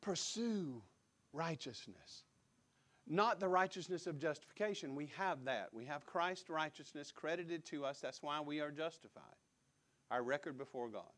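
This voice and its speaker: A man's voice: a little high, fairly bright tone. A man preaching a sermon as pastor, emphatic, repeating key words and putting direct questions to the congregation. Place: church sanctuary.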